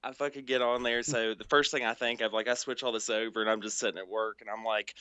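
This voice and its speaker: A man co-hosting a podcast, excitedly telling a story with swearing and laughs in casual chat. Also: medium pitch, quick pace, few pauses, clear, resonant tone, no room sound. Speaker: podcast co-host.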